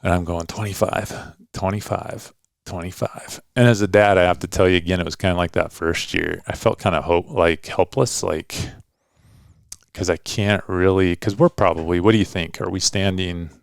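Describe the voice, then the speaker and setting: Deep gravelly middle-aged guy, laid-back rambly hunting story, dry close mic. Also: brisk, no echo. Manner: relaxed storytelling, loose and rambling with frequent "kinda" and "like". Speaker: podcast host and hunting dad.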